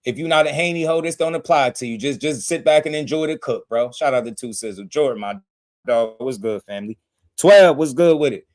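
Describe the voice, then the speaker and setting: Heated guy on a boxing stream, mid pitch, going off at the chat, slangy and blunt. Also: fairly quick. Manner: fired-up, blunt, slangy, talks straight to chat. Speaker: boxing livestream host.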